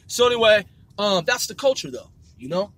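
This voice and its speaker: A man's voice: sits high, very animated, normal speed, fairly bright tone, no echo. A man ranting in a rambling casual monologue, profane and full of street slang, circling back and repeating himself. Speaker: vlogger.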